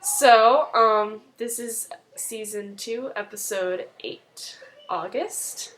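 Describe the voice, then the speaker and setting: A chatty young woman with a slightly high voice gives a rambling recap of a TV episode. She talks casually, with plenty of fillers. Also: drawn-out words, a bit bright, poor audio. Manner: rambling, filler-heavy retelling with many "like"s. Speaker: video recap host.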